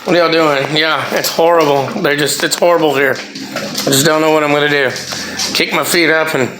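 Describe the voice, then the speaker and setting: A man's voice: fairly high pitch, flat delivery, moderate pace, roomy sound, background noise. A man hosting a casual vlog in a house, laid-back and joking as he talks to dogs. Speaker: vlog host. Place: house, dog sitting.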